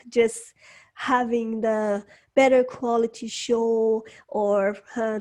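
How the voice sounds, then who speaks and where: A woman hosting an interview from her home studio, speaking English as a second language, slow and halting, with frequent restarts. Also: a little high, a little mellow. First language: not English. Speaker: host. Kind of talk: casual interview chat.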